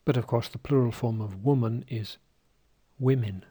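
A man teaching pronunciation, saying single words one by one in a careful, deliberately articulated drill. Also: medium pitch, dark tone, slightly rough.

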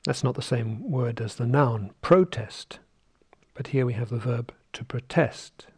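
A man teaching pronunciation, saying single words one by one in a careful, deliberately articulated drill. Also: mid-range voice, steady tone, a little mellow, breathy edge.

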